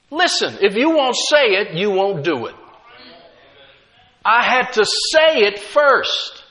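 A middle-aged man preaching a sermon with emphatic delivery, rising loud then dropping quiet, and slipping in humorous asides. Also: high voice, sing-song, slow, long pauses. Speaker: pastor.

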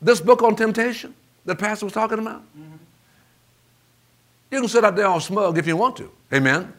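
A man preaching a sermon in an animated call-and-response style, asking the congregation for amens. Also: sits high, a little fast.

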